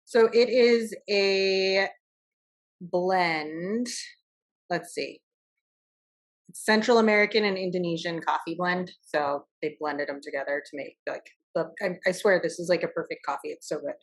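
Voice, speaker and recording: A woman's voice: lowish voice, unhurried. A young woman co-hosting a podcast in casual chat, chatty with frequent laughs and fillers. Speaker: podcast co-host.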